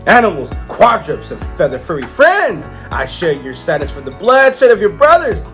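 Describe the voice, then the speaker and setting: A comic reviewer voicing a pompous, scheming male bull president, putting on an accent, loud and speechifying. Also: mid-range voice, wildly swooping pitch, moderate pace, soft background music. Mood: grandiose.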